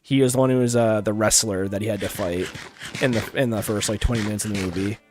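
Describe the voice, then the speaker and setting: Laid-back low-voiced male streamer. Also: fast, slight background noise. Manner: relaxed, rambling, laughs often. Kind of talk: casual gaming stream chat.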